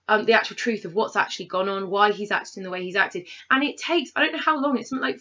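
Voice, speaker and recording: Woman ranting a film review, bright sharp voice, kinda dull lo-fi sound. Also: on the high side. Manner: animated, acts out characters' lines in quotes. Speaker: podcast co-host reviewing a film. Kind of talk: casual ranting review chat.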